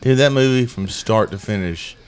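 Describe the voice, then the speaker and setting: A man's voice: lowish voice, moderate pace, clean tone. Man cracking crude jokes in casual chat. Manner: crude joking banter. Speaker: podcast co-host.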